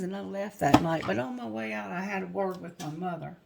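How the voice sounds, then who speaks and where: A middle-aged woman with a gravelly, creaky voice tells a story from her own life. She talks bluntly and heatedly, swearing freely, at a mid pitch. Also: a little fast, hardly any pauses. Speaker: tarot reader. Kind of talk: personal storytelling.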